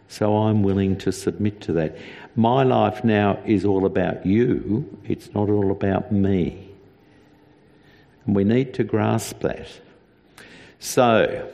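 A man preaching a sermon as a pastor, earnest and deliberate, with emphatic repetition. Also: on the low side, gravelly, darkish tone, in a large hall.

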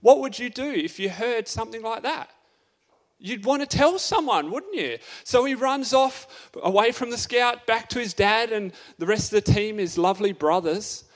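A man's voice: extremely high pitch, lively intonation, moderate pace. A man giving a youth sermon as a playful story, asking his audience lots of questions. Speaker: youth speaker.

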